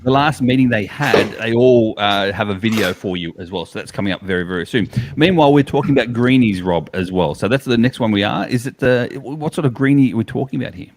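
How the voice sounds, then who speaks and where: A man's voice: mid-range voice, animated, fast, few pauses. An Australian man co-hosting a live awards stream, chatting enthusiastically and often repeating himself. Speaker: co-host of an awards livestream. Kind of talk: casual live chat.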